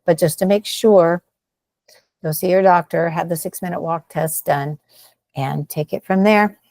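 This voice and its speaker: A woman respiratory therapist on a health podcast talks in an upbeat, emphatic coaching way. Her voice sits a bit low with a gravelly edge. The recording is dry and close. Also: unhurried, a little mellow, no echo. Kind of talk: casual health podcast chat.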